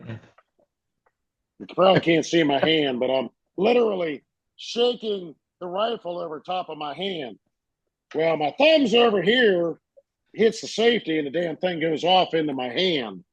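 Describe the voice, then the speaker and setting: A man, a podcast co-host telling a story in a casual, animated way and acting out the voices in it. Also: a little high, a little slow, slightly rough, no echo, dull audio. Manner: animated, acts out voices in his stories.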